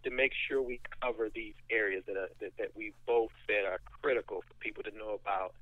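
A male interview host with a somewhat low voice, emphatic and affirming as he builds up energy. His sound is thin and phone-like, and the room is dry. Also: fairly even intonation, a little fast, no echo. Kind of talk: interview hosting. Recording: tinny phone-line sound.

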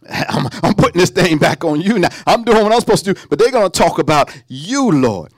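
A man preaching a sermon, animated, with sung lines and sudden drops to a hush. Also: on the high side, fairly quick, no echo, studio quality.

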